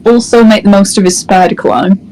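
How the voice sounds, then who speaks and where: A woman's voice: mid-range voice, fairly even intonation, darkish tone, rough recording. A woman describing her character's moves in a tabletop game, laughing as she goes. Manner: unhurried, laughing, describing actions. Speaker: player. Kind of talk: tabletop role-play.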